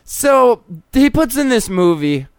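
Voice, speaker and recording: A man's voice: extremely high pitch, sing-song, takes it slowly, clear, resonant tone, no room sound, studio quality. A man co-hosting a podcast, ranting profanely in casual chat and mocking people in put-on voices. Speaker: podcast co-host.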